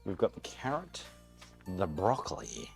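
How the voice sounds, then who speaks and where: A very low-pitched Australian man rambles candidly while he cooks on a live stream. His deep voice swings widely and animatedly. Faint music plays behind him. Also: wildly swooping pitch, a little slow, vocal fry. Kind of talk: casual live-stream chat while cooking. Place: single-car garage at home.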